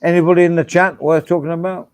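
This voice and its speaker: A man's voice: on the high side, little pitch movement, fast talker, darkish tone, no echo. A man hosting a casual livestream chat with friends, joking and swearing his way through the banter. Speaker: livestream host.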